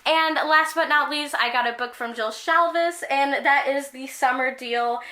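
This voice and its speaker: A young woman talks through her latest book haul in a high, bright voice. She gushes with excitement and scatters "like" through her casual chat. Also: unhurried. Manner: gushing, enthusiastic, frequent "like" fillers. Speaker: book vlogger.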